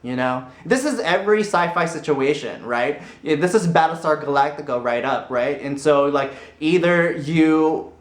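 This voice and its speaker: Brief: chatty male vlogger, fairly high voice, roomy echo around him. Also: moderate pace, few pauses. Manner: rambling, animated, laughs easily. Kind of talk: casual opinion vlog. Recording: roomy echoey room.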